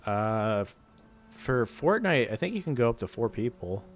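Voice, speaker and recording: A man's voice: mid-range voice, very animated, moderate pace, soft background music. A man streaming live, chatting goofily with his viewers and laughing often. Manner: goofy, laughs a lot, chats with viewers. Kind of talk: casual live-stream chat.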